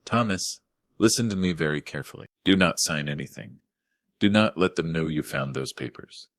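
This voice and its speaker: A man voicing a stern middle-aged lawyer, urgent and forceful. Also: deep voice, animated, moderate pace, no room sound, studio quality.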